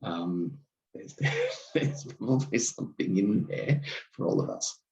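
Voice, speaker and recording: A man with an Australian accent hosting a podcast, telling stories in a thoughtful, unhurried way. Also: on the low side, wildly swooping pitch, warm tone, reverberant, lo-fi sound. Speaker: podcast host. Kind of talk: reflective solo podcast talk.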